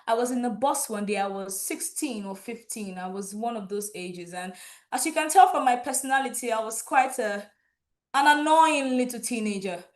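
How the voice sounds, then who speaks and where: Brief: bubbly young female host from Nigeria, slightly high voice, live online ceremony. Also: normal speed. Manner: lively, chatty, laughs often. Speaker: event host. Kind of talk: live online graduation hosting.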